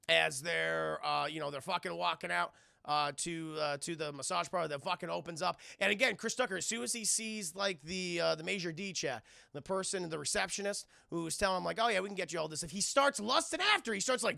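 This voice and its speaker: A man recaps a film live for his chat, animated and profane, with a high, gravelly voice full of fry. His tone is bright and forceful, and the sound is dry and close with no room echo. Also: brisk. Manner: animated and profane, acting out characters' lines with shrill squeals; talks straight to his chat, thanking viewers. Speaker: streamer reviewing a film.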